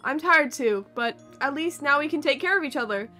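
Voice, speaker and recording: A woman's voice: high-pitched, lively intonation, a little fast, sharp tone, faint music behind. A woman voicing a frightened ten-year-old girl who speaks earnestly and rambles when she explains.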